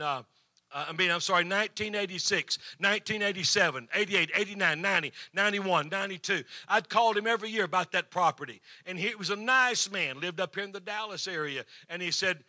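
Bright, high-voiced preacher. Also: male voice, no room sound. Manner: preacherly storyteller who acts out the people in his story. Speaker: pastor. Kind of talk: sermon storytelling. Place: church, in front of a congregation.

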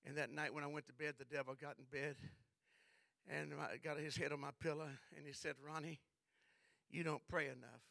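A male preacher preaching a sermon with call-and-response that builds to shouts. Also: on the high side, flat delivery, fairly quick, vocal fry, dry recording.

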